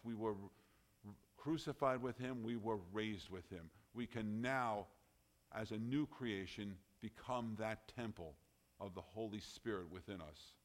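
Guy preaching a sermon, emphatic, gets loud then drops way down. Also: mid-range voice, unhurried. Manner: emphatic, rising and dropping in loudness.

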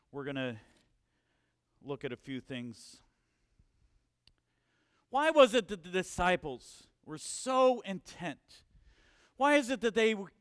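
A man preaching a sermon, animated, acting out quotes and asking questions. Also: sits high, clean tone, no echo, clean studio sound.

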